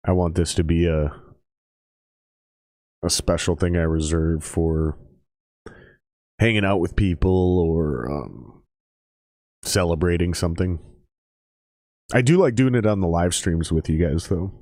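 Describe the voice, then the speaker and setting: A man chatting casually on a live stream while watching football, loose and profane, jumping into excited play-by-play. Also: low-pitched, a little slow, long pauses, dry recording, clean studio sound. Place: table at home.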